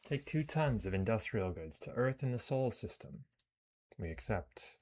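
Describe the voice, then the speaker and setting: A man narrating his own gameplay, reading the game's text aloud and making relaxed, chatty asides to viewers. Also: medium pitch, moderate pace, slight background noise. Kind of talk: let's play narration reading game text.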